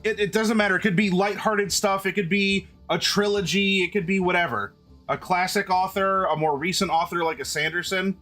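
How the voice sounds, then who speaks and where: A man's voice: high-pitched, a bit bright. A man hosting a live stream, chatting casually with his viewers and often restarting his sentences. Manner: chatty, restarts often, addresses chat directly. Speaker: streamer host.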